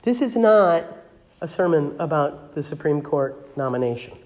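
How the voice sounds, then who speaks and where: An older woman pastor giving a sermon, retelling a Bible story with acted-out voices and sometimes dropping to a soft, hushed tone. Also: sits low, expressive, normal speed, roomy sound. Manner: drops to a soft, hushed voice for emphasis.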